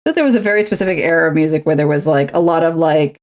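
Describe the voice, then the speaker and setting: Woman, casual crafting stream chat, rambling, fry in a lowish voice. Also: very fast, darkish tone. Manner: rambling, talks to herself and her objects.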